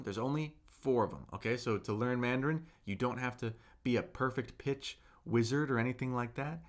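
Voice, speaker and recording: A man's voice: mid-range voice, fairly bright tone. A young man teaching Mandarin tones in a live-streamed lesson, drilling syllables aloud and checking in with viewers in the chat.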